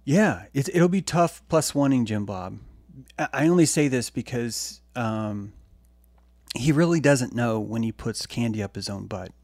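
Gravelly, blunt preachy man. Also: medium pitch, lively intonation, a little slow, no room sound. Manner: blunt, profane and preachy, swings from loud to hushed. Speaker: streamer. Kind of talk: impassioned monologue.

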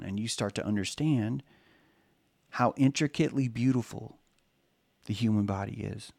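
A man's voice: medium pitch, brisk, darkish tone, no room sound. Man, spiritual lecture, rambling, profane, dry close recording. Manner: rambling, profane, acts out quoted voices. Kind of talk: casual spoken lecture.

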